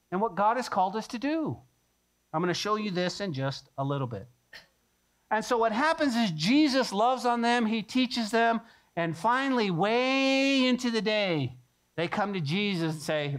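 A man preaching a sermon as pastor, animated, acting out the disciples' voices with fillers and asides. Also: high-pitched.

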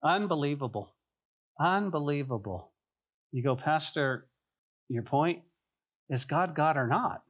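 A man's voice: a little high, unhurried, pauses often, breathy edge, highs cut off. A man pastor preaching a sermon, telling stories and acting out voices, often repeating himself. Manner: animated storytelling, acts out voices, repeats phrases. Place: church sanctuary.

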